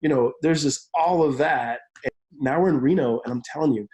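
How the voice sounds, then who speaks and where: A man in his thirties, a football coach and pastor, telling his story in an energetic interview, speeding up in quick bursts. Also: on the high side, poor audio. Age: 30s. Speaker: college football analyst and pastor. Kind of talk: remote interview.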